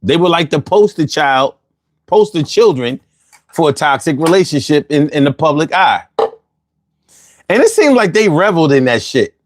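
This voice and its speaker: A man's voice: a little high, very animated, moderate pace, no echo. A man hosting a casual livestream, reading out chat comments in a loose, slangy way and laughing often, a little bothered by allergies.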